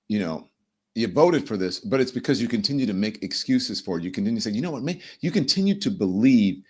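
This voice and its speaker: A man hosts a live commentary show in a mid-range voice. He speaks in an animated way, hammering points home by repeating them. He talks straight to his audience. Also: mid-range voice, husky. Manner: animated, repeats phrases for emphasis, addresses viewers directly. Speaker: show host. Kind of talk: live political commentary monologue.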